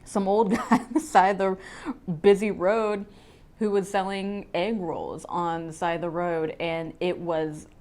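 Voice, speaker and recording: A woman guest chatting casually and warmly about food she loves. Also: fairly low pitch, flat delivery, unhurried. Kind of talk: casual chat.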